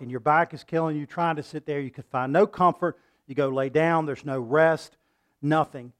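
Earnest preaching man, higher voice. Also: clean tone. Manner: earnest, rising to impassioned outbursts when quoting; repeats and restarts words. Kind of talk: sermon.

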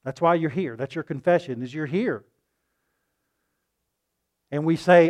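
A man preaching a sermon with passion, asking the room rhetorical questions and swinging between loud and hushed delivery. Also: fairly high pitch, a little slow, pauses often.

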